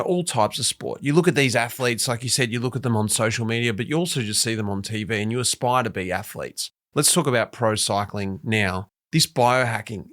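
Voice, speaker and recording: A male podcast host in a casual interview, speaking at a middle pitch. He thinks aloud as he talks, building his questions slowly and peppering them with conversational fillers.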